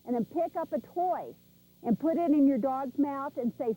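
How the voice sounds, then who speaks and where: A woman's voice: sits high, very animated, moderate pace, dark tone, rough recording. A woman animal trainer leading a class, talking casually and repeating commands with firm emphasis. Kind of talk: instructional class talk. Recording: VHS video recording.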